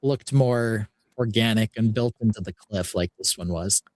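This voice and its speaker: A man's voice: fairly low pitch, moderate pace, dry recording. A man hosting a podcast, talking casually and rambling a little as he recalls past projects. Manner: relaxed, rambling with restarts. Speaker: podcast host and builder.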